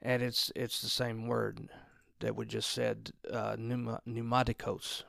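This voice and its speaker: A man with a gravelly, creaky voice delivers an informal Bible teaching. He talks in a loose, conversational way, backing up and repeating words as he works through each point. The recording is dry and close, with no room sound. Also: medium pitch, little pitch movement, measured pace, fairly bright tone, dry recording. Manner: conversational, repeats and restarts words while explaining.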